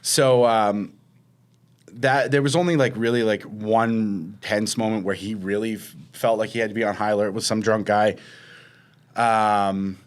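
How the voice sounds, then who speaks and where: Homme bavard racontant une anecdote. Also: male voice, on the low side, measured pace. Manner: rambling storyteller, animated quotes of others. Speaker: podcast co-host. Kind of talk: casual chat.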